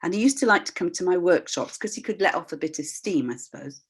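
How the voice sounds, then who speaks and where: Older woman, voice practitioner, candid and expressive storyteller on a video call. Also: lowish voice, fast talker, slightly rough. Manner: expressive, acts out voices in her stories; candid, reflective, with frequent restarts. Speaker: voice practitioner and workshop leader. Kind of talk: personal storytelling talk.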